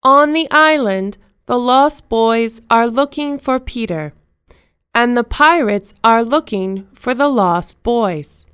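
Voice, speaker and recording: A woman narrating a children's storybook in simple, slow, clearly spoken sentences. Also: on the high side, no echo, studio quality.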